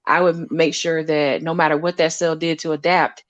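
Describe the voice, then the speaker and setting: A woman scientist talking casually about her lab work, animated and often laughing as she acts out conversations. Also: low-pitched, normal speed, no echo, dull audio.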